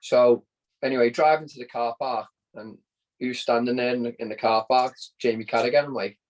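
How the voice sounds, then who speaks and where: A Scouse man chats as a podcast guest, telling a long story in a loose, conversational way. He often stumbles and repeats words as he goes. His voice sits at a medium pitch. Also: steady tone, a little fast, poor audio. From Liverpool, England. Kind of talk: casual storytelling interview.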